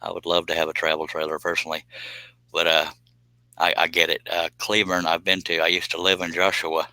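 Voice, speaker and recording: A man's voice: sits low, monotone, a little fast, pushed and bright, no echo, rough recording. A man chatting casually on a live stream, reading viewer comments and joking around with a rambling, laugh-prone manner. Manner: joking, rambling, laughs at his own jokes.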